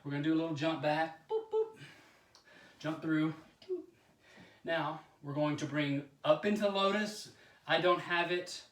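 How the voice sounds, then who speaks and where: A man chatting casually while demonstrating yoga poses, out of breath and often clearing his throat, self-deprecating about his flexibility. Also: fairly high pitch, fairly even intonation, moderate pace, fairly bright tone. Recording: echoey room, voice from a distance.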